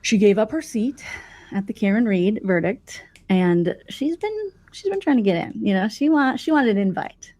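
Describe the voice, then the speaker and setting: A woman hosts a live show, spinning mocking gossip with comic flair. Her pitch swoops widely while sitting in an ordinary middle range, and she jumps into silly voices when quoting people. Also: moderate pace. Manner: mocking, animated, puts on voices for quotes. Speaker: livestream host. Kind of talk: gossipy comedic storytelling.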